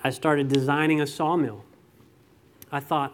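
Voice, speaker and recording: A middle-aged pastor preaching a conversational sermon, telling stories and asking rhetorical questions. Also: male voice, sits high, animated, moderate pace, slight background noise.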